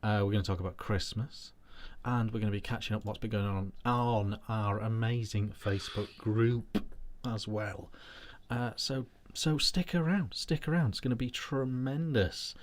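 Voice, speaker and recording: A laid-back man from the UK hosts a casual live show. His voice sits fairly low, and he introduces each segment steadily, often repeating a phrase. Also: steady tone, normal speed. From United Kingdom. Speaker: host.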